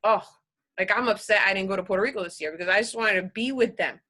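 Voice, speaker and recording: A woman shares a painful personal story as a podcast guest, earnest and halting, with frequent restarts. She sounds emotional and close to tears. Her voice is bright and sharp, pitched in a middle range.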